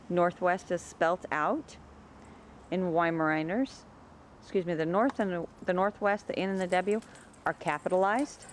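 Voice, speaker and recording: A woman talking casually about her dogs in her yard, chatting away and calling to them in a high sing-song. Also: slight background noise. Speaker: dog breeder. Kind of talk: casual home video narration.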